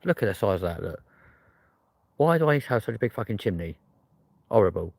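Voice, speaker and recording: A man's voice: lowish voice, big pitch swings, brisk, creaky, breathy edge, dry recording. Chatty swearing English man on a night stream. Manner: chatty, swears a lot, self-mocking. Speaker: vlogger hosting a live stream. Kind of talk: casual live-stream chat while walking. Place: outdoors on a street at night. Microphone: phone camera at arm's length.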